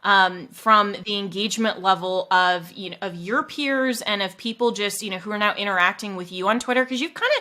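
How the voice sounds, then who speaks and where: A woman hosting an interview, talking in an animated way and laughing often. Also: mid-range voice, fairly quick, few pauses. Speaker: host. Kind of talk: interview conversation.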